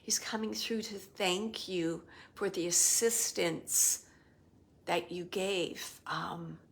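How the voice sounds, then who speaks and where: A woman working as a medium, giving a live spirit reading in a soft, halting voice that often drops to a whisper as she searches for words. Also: fairly low pitch, fairly even intonation, gravelly. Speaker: psychic medium.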